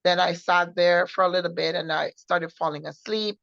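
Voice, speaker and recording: Low-voiced woman giving earnest testimony. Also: fairly even intonation, vocal fry, fairly bright tone, no room sound. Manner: earnest, halting, with many repetitions and restarts. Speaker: guest sharing a personal testimony. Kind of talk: personal testimony storytelling. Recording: dull lo-fi recording.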